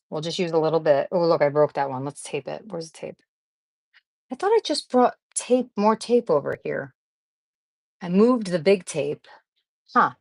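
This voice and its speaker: On a dry recording, this craft channel host speaks in a low voice during a relaxed live chat. Sorting through her supplies as she goes, she rambles along chattily, laughs a lot, and calls out to viewers by name.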